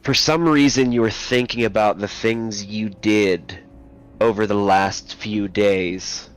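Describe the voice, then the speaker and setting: A man running a tabletop game as game master, narrating slowly and dramatically and dropping low and quiet for tension. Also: fairly even intonation, clear, resonant tone, soft background music.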